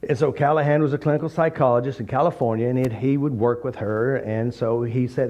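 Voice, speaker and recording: A man giving an informal, blunt teaching talk full of jokes and animated stories. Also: mid-range voice, brisk, hardly any pauses. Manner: blunt, joking, animated storytelling. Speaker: therapy method teacher. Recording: slightly dull recording.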